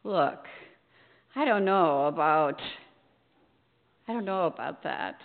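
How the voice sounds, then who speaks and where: A woman pastor giving a storytelling sermon in a church sanctuary, unhurried, acting out her own hesitant, self-deprecating lines. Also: low-pitched, expressive, gravelly. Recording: echoey church over a tinny line.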